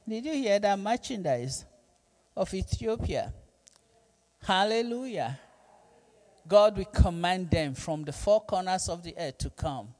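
Slow, emphatic male preacher. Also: high voice, expressive, a little mellow. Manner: slow, emphatic preaching with repeated calls to the congregation. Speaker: pastor. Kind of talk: sermon with call-and-response.

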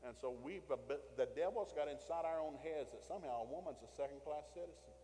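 Animated preacher in a big hall. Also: male voice, a little high, brisk. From American South. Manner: storytelling preacher, swings from hushed to loud and animated. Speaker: pastor. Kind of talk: sermon.

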